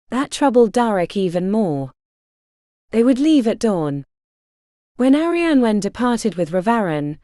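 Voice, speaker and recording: A woman narrating a medieval romance audiobook in an expressive, dramatic storytelling manner. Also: medium pitch, dry recording, clean studio sound. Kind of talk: scripted narration.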